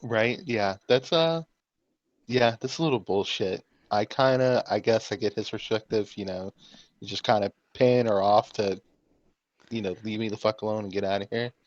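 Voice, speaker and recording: A man's voice: on the low side, moderate pace, no echo. A man co-hosting a podcast, chatting casually and laid-back, agreeing and reflecting with plenty of fillers. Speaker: podcast co-host. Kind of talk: casual chat. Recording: dull lo-fi podcast recording.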